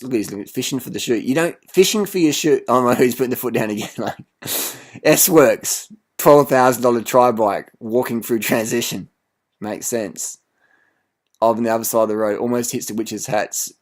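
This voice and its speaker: A man's voice: mid-range voice, moderate pace. A man, a cycling vlogger, giving mocking, profane reaction commentary on a video and laughing often.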